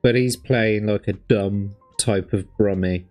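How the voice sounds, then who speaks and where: A man's voice: lowish voice, steady tone, a little slow, darkish tone, soft background music. A man from Birmingham with a light Birmingham accent, rambling, sweary, casual commentary with plenty of fillers as he reviews old adverts. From Birmingham, England.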